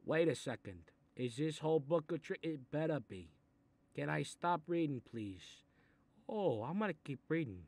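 A man doing a gravelly Italian-American mob boss. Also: on the high side, very animated, moderate pace, darkish tone. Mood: gruff menacing. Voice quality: gravelly, threatening. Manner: grumbling asides, sudden angry outbursts, swearing. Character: gruff Italian-American mob boss father, menacing and short-tempered. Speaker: mob boss reading a children's book. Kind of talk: comedic animated character voice.

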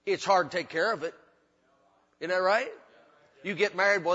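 Folksy preacher with a bright, high voice. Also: male voice, fairly even intonation, normal speed, long pauses, a little hiss or hum. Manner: folksy, emphatic preaching with repetition and humor. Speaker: pastor. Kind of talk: sermon. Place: church sanctuary. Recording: dull hall recording with long reverb.

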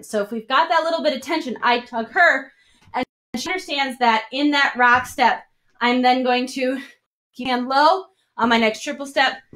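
Woman dance teacher, high voice, counts steps while dancing, slightly winded. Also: a bit bright. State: out of breath. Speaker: dance instructor. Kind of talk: live-streamed dance lesson. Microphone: single mic while moving around.

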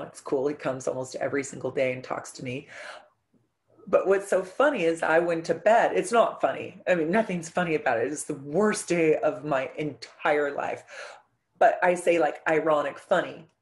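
A middle-aged woman hosting an astrology channel, talking casually to her viewers and telling stories in an earnest, emotional way with dramatic pauses. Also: sits low. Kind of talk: casual talk to camera.

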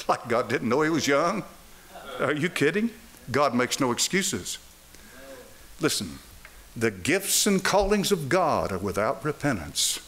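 Older preacher, lively and animated. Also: male voice, mid-range voice, unhurried, long pauses. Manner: animated preaching with rhetorical questions to the congregation. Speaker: pastor. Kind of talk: sermon. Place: church sanctuary.

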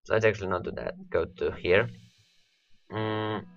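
A man's voice: fairly low pitch, steady tone, unhurried, gravelly, highs cut off, faint music behind. A man rambling through gameplay commentary, his voice worn and cracking from hours of talking, repeating words as he talks to his units. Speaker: let's play host.

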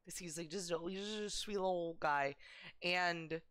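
A woman's voice: lowish voice, a little slow, a bit bright, smooth. A woman streaming a game live, chatting casually and self-deprecatingly with lots of fillers and giggles.

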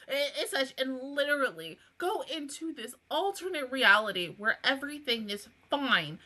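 A woman talks through an anime episode in a casual reaction review, her voice bright and wildly lively in pitch. She swears freely and keeps sliding from quiet grumbling into laughing, near-tearful shouts. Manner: emotional and swearing, swings from low mutters to laughing and teary shouts.

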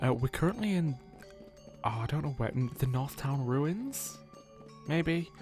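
A man's voice: on the high side, very animated, measured pace, long pauses, a little mellow, soft background music. Joking young man gaming host. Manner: joking, laughs often, sarcastic. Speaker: let's play host. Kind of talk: casual gaming commentary.

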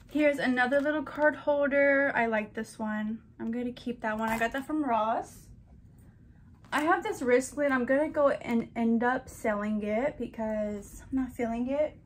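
Young woman in her 20s gushing over her haul, kinda high voice, faint room noise behind. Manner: chatty, gushing, addresses viewers as girlies. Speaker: vlogger. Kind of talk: casual haul vlog.

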